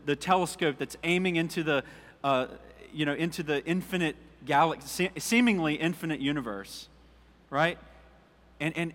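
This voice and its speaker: A male pastor giving a relaxed, conversational sermon, reading scripture aloud and putting questions to his congregation. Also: fairly high pitch, in a large hall. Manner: informal, asks the congregation questions, jokes.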